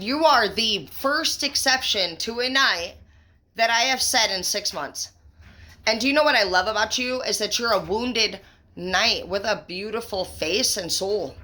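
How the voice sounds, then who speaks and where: A woman giving a tarot reading to her viewers, excitable and emphatic, swearing freely and calling the listener baby and bro. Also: medium pitch. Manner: excitable, profane and emphatic, gushing praise; affectionate pet names, conversational fillers. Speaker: tarot reader.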